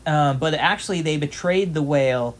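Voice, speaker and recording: A man's voice: a little high, moderate pace. A young man giving casual gameplay commentary, rambling with lots of fillers and the odd swear. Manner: rambling, filler-heavy storytelling with frequent "um" and "like". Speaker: gameplay channel host.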